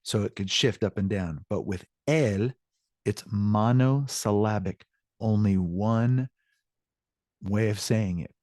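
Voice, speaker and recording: A man's voice: on the low side, takes it slowly, darkish tone, dry recording, clean studio sound. A man teaching a recorded Spanish lesson, explaining patiently and answering student questions.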